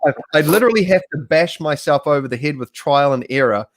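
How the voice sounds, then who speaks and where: A man's voice: fairly high pitch, expressive, fast. A man from New Zealand hosting a casual livestream conversation, talking in a rambling, hesitant way with many restarts. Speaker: host.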